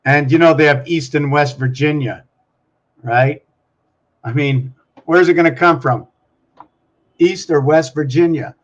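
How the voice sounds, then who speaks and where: A man's voice: fairly high pitch, a little slow, pauses often, lo-fi sound. A man hosting his own vlog, musing aloud in a wandering, free-associating way and talking to himself and the camera. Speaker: channel host. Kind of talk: rambling solo vlog musings.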